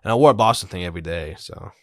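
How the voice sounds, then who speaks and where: A man with a fairly low voice and a quick, animated way of talking, co-hosting a podcast in casual chat. He acts out the quoted exchanges as he tells his stories. The sound is close and dry. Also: no room sound. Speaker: podcast co-host.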